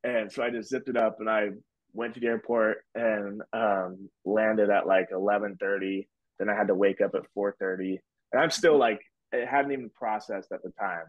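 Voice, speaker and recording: A man in his twenties, guesting on a podcast, tells a story in a lowish voice with fairly even intonation at normal speed. His delivery is loose and rambling, heavy with fillers like "like" and "whatever," and the recording is dull, dry lo-fi with no room sound.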